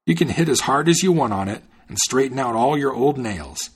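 A man's voice: mid-range voice, expressive, moderate pace, breathy edge. A man reading the part of a shrewd male tradesman who talks in a coaxing, salesman-like way. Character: smooth-talking male tradesman, shrewd and persuasive.

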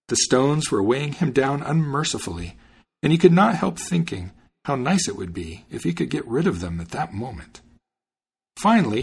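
Gravelly, expressive male storyteller. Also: medium pitch. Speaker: storyteller and podcast host. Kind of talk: storybook narration.

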